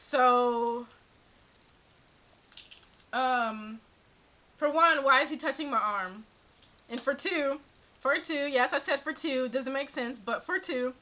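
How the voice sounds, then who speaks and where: A young woman telling a story in a casual vlog, animated and exasperated, breaking into laughs and filling her talk with "like". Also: high-pitched, highs cut off. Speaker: vlogger.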